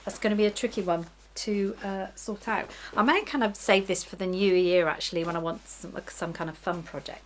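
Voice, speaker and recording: A woman's voice: medium pitch, brisk, hardly any pauses, slight background noise. A middle-aged woman chatting casually to camera about her sewing week, chatty and self-deprecating, often giggling. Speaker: sewing vlogger.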